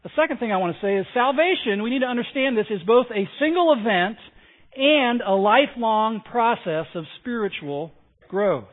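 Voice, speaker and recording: A man's voice: high-pitched, lively intonation, normal speed. A male pastor preaching a sermon, emphatic, repeating key phrases and asking the congregation to respond. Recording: tinny phone-like sound.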